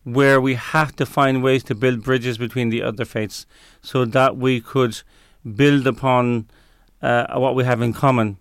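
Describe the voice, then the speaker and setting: Smooth-voiced man groping for words. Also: medium pitch, steady tone, a little slow, few pauses, no echo, clean studio sound. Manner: searches for words, frequent fillers and restarts. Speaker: interview guest. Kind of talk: conversational interview answer.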